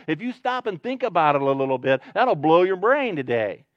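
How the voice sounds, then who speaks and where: A male pastor delivers a sermon in a slightly high voice, moving between loose jokes and emphatic preaching. The sound is dry and a little muffled, with no room echo. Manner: conversational, jokes with the congregation, emphatic when preaching.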